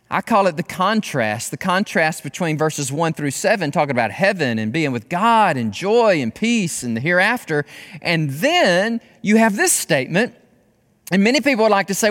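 A man preaching a sermon with passion, swinging between loud exclamations and hushed, intimate tones. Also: high-pitched, big pitch swings, moderate pace, long reverb tail. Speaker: pastor.

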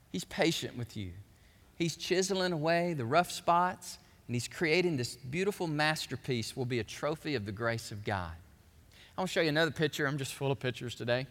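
A male pastor preaching a sermon in a church, animated and conversational, with frequent asides to the congregation. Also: a little high. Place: church sanctuary. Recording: church hall reverb.

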